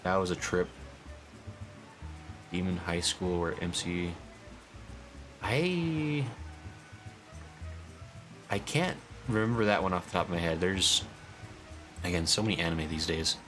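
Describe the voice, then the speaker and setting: Male streamer, lowish bright voice, casual chat over faint game music. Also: fairly even intonation, brisk. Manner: chatty, reads chat aloud.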